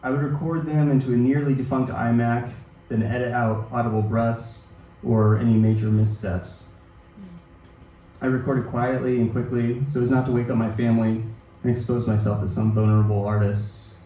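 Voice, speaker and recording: A man in his thirties reads his personal essay to a live audience, measured and quietly self-deprecating. His voice is mellow and dark at a middling pitch. It comes from well off the mic and rings around a very echoey hall over a faint hiss. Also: level tone, recorded from a distance. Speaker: author reading his own work. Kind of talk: literary reading of a personal essay. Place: event hall at a book release reading.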